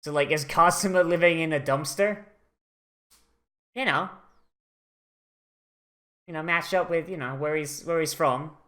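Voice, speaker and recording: A streamer rambles through a casual anime watch-along, full of fillers and swearing. The voice sits at a middling pitch and is excitable. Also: a little slow, long pauses.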